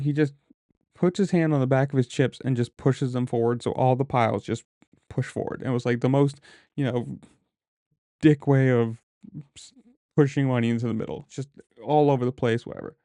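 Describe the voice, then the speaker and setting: In a casual storytelling vlog, a male poker player tells a story from the table in a rambling, conversational way, full of filler words like "like" and "whatever," now and then muttering his own folds and decisions under his breath. His warm, mellow voice is medium-pitched and steady, at a normal speed. The sound is dry and close, with no room sound.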